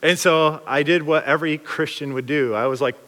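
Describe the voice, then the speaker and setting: Male preacher, lively joking storyteller, fairly high voice, long hall reverb. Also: moderate pace. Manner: animated, joking, acts out quotes. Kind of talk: storytelling sermon.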